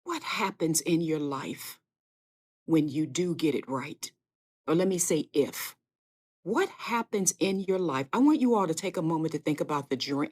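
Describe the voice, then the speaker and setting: A woman's voice: low-pitched, expressive, normal speed, darkish tone, slightly rough. A woman giving a live inspirational sermon on her podcast, speaking earnestly and directly to her listeners with repeated phrases and fervent emphasis. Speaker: podcast host and faith speaker.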